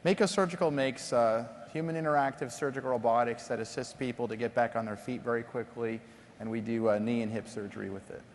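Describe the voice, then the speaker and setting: A middle-aged man, a company founder, being interviewed onstage and telling animated stories that act out dialogue. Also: mid-range voice, quick pace, slight background noise. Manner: animated storyteller, acts out dialogue. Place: conference stage before an audience. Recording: long hall reverb from stage.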